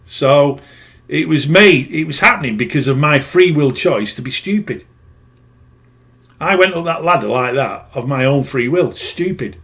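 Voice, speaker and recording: Animated and a little slow, a middle-aged spiritual healer with a fairly high, slightly bright voice shares a personal story. The casual monologue rambles, stays plain-spoken, and often corrects itself.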